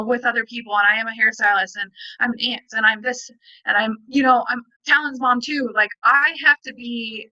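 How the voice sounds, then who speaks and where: A woman's voice: a little high, sharp tone, no room sound, rough recording. A woman and parent on a video call, speaking in a rambling, emphatic way and often acting out what people said to her. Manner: rambling, emphatic, retelling dialogue. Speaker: parent and guest. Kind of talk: casual conversation.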